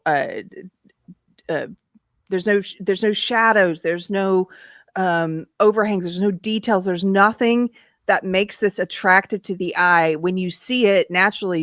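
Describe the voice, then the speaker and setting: A woman hosting a casual live-stream talk show, laughing often and ranting in an animated way. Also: fairly low pitch, no room sound, studio quality. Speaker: host.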